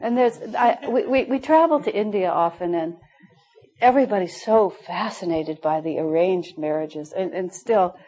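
A woman's voice: lowish voice, normal speed, low-quality recording. A middle-aged woman teaching a spiritual class, telling stories with frequent laughter. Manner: warm storytelling, laughing often. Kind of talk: spiritual class talk with anecdotes.

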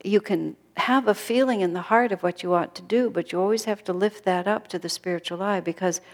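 A woman giving a thoughtful spiritual talk, dropping to a hush when she quotes others. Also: medium pitch, a little fast. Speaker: spiritual teacher. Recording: long reverb of a hall.

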